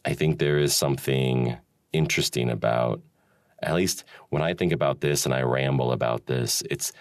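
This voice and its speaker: A man's voice: extremely low pitch, moderate pace, no room sound, studio quality. A man hosting a solo talk, rambling and musing with frequent chuckles and restarts. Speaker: podcast host. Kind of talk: solo reflective monologue.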